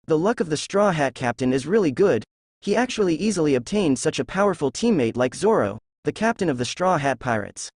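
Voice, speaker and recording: A man narrating a fan novel aloud in a steady reading voice. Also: on the high side, fairly quick, no room sound, studio quality. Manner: steady reading, reads characters' lines in the same voice.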